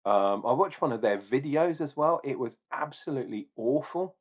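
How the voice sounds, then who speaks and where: A man's voice: medium pitch, lively intonation, moderate pace, dull audio. A man doing a casual beer review video, rambling with restarts and growing exasperated as he rants.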